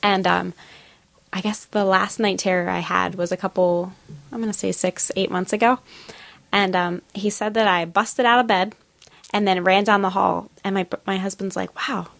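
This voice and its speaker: A woman co-hosting a podcast, recounting a story in relaxed casual chat with many pauses and ums. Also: medium pitch, vocal fry, no room sound. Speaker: podcast co-host.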